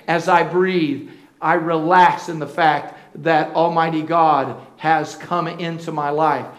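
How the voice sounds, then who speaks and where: A man preaching a sermon as pastor, calling out to the congregation for responses and swinging between slow shouted emphasis and soft, hushed asides. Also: a little high, fairly even intonation. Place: church sanctuary. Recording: roomy echo of a church hall.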